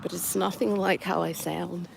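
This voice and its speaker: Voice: mid-range voice, fairly even intonation, moderate pace, creaky. A middle-aged vlogger chatting reflectively while walking outdoors, recorded on a phone. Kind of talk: casual walking vlog. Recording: noisy outdoor recording with passing vehicles.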